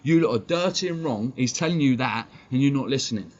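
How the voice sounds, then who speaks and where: A man's voice: mid-range voice, expressive, a little fast, dull audio. A man with an English accent ranting on a live stream, blunt and profane, talking straight at his chat. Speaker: fan channel streamer. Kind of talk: heated live-stream rant.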